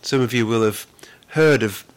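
A man preaching a sermon as pastor, earnest, with frequent repeated words, who slows down to stress the scripture he reads. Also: mid-range voice, clear, resonant tone.

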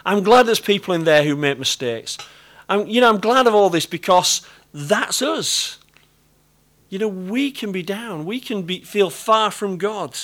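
A man's voice: high voice, lively intonation, a little slow, a bit bright. A middle-aged British man with a British accent, preaching a sermon in an earnest, conversational way and repeating key phrases. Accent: British English. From Britain.

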